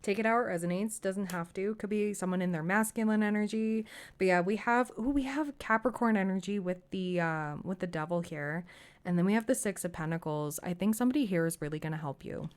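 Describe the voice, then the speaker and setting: A woman's voice: mid-range voice, fairly quick, clean tone. A woman giving a casual tarot reading to camera, effusive and reassuring, with frequent exclamations. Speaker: tarot reader.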